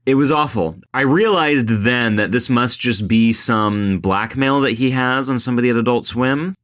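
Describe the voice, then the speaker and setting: A man's voice: mid-range voice, normal speed, fairly bright tone. A man co-hosting a podcast in casual chat, blunt and profane, openly contemptuous. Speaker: podcast co-host.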